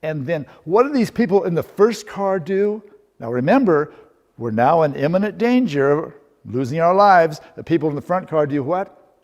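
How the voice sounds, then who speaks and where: A middle-aged man leads a workshop, spinning a humorous story and tossing rhetorical questions at his audience. His voice sits a little high for a man. The sound carries the long reverb of a lecture hall. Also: animated, normal speed, a little mellow, highs cut off. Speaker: workshop presenter. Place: seminar room.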